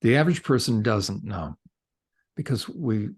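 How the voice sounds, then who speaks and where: A middle-aged man, a counselor and podcast guest, telling a story in conversation, animated and gesturing with his hands as he talks. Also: lowish voice, measured pace, breathy edge.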